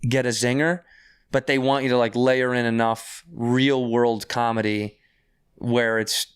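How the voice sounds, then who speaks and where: A man's voice: mid-range voice, level tone, unhurried, clean tone. A man, a podcast guest, telling a story casually and animatedly, acting out the quoted people and swearing freely.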